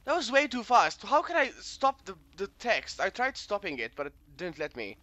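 A man's voice: high voice, very animated, normal speed, sharp tone. A man doing let's play commentary, reading game text aloud and grumbling and swearing when the game annoys him.

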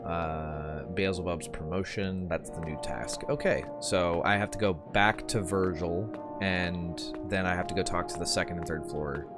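A man giving casual gameplay commentary, relaxed and wry, thinking aloud as he plays. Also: sits low, unhurried, hardly any pauses, over music. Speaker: gamer, channel host.

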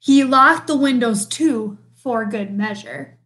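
A woman reading a picture book aloud with a slow, expressive storytelling delivery. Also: a little high. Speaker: storybook reader.

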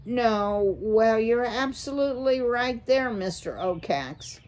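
A woman's voice: mid-range voice, lively intonation, slow, darkish tone, slight background noise. A woman voicing a nervous, fawning father mouse straining to sound jaunty. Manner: jaunty, flustered.

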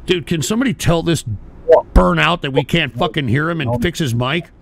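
Loud mocking stream host guy, gravelly and high, swears a lot. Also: a little fast. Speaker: livestream host. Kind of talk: profane livestream commentary.

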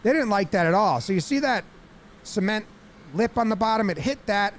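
A high-pitched man walks through baseball footage with animated energy. He drops into exaggerated voices for the players between his own remarks. A faint hiss sits under his voice. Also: moderate pace. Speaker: baseball commentator. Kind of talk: play-by-play breakdown of game footage.

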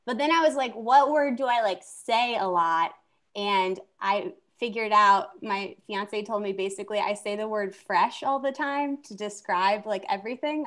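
A woman's voice: medium pitch, fairly bright tone. A woman chatting casually as a comedy show contestant over a video call, rambling with lots of fillers. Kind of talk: casual chat.

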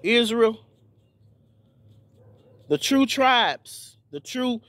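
Man, high-pitched voice, informal video sermon, fervent, repetitive, stammering restarts. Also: expressive, drawn-out words, a bit bright, no room sound. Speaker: preacher.

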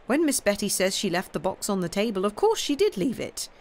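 A cool young man, voiced by a woman answers with light, mocking ease, his voice raised above the narration. It is a storybook read-aloud, brisk and unbothered. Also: mid-range voice, big pitch swings, a little mellow, voice pushed up, natural voice. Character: cool, good-humoured young man under suspicion.

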